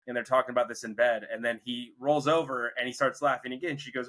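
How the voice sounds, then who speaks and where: A man's voice: mid-range voice, steady tone, a little fast, a bit bright, poor audio. A young man hosting a podcast, casually retelling a film's plot in a rambling way. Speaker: podcast host. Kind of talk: casual movie review chat.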